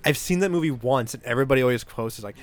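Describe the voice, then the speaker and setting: A man's voice: mid-range voice, racing. A man hosting a casual podcast chat, laid-back and chatty, swearing now and then. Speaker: podcast host, comedian.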